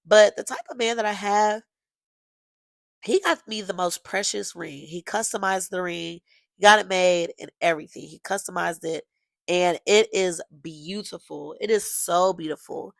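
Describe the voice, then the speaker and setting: A young woman hosting her own podcast, telling a personal story in a lively, gushing way and talking straight to her listeners. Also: fairly low pitch, unhurried, vocal fry, no room sound. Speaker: podcast host. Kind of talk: casual storytelling monologue.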